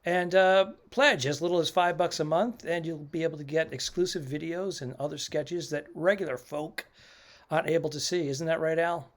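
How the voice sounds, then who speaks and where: A man's voice: fairly high pitch, normal speed. A man co-hosting a comedy podcast, chatting casually and animatedly, laughing often. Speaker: podcast co-host.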